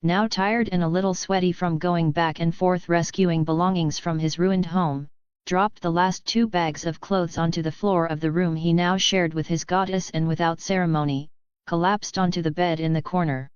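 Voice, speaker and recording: A woman reading a web novel aloud as an audiobook narrator, in a steady, even voice with little acting between the figures. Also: lowish voice, normal speed, smooth, no echo, highs cut off.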